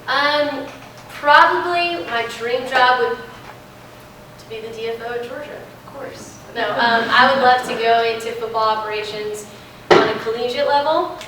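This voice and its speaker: A woman's voice: fairly high pitch, moderate pace, bright, forceful tone. A young woman, chatting animatedly as a guest speaker in a classroom Q&A, recorded from a distance in an echoey room. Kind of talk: classroom Q&A talk. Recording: echoey room from afar, faint noise.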